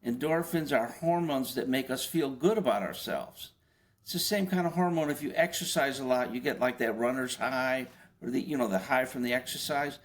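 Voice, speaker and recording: An older man, a former FBI agent being interviewed, explaining in a conversational way, often posing rhetorical questions and stumbling into quick restarts. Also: mid-range voice.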